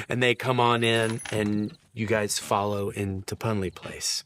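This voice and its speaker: A man narrating as game master of a tabletop game in a relaxed, chatty way. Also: on the low side, unhurried, hardly any pauses, slight background noise.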